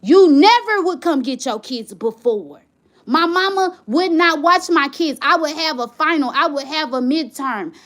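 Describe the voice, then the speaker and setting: A high-pitched woman vents to the camera. She talks in a heated, rambling way and circles back over the same points. It sounds like a candid home vlog. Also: lively intonation, unhurried, fairly bright tone. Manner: heated, rambling, repeats herself when upset. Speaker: vlogger.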